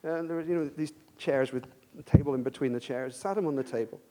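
A man preaching a sermon, swinging between hushed questions and loud emphatic bursts, telling stories with frequent restarts. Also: medium pitch, quick pace.

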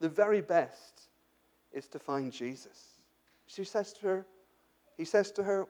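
A man with a high voice preaches a sermon as if chatting with his congregation. He asks rhetorical questions and often restarts his sentences as he works through the passage. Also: big pitch swings, measured pace, long pauses. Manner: addresses the congregation directly. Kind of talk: sermon, Bible exposition.

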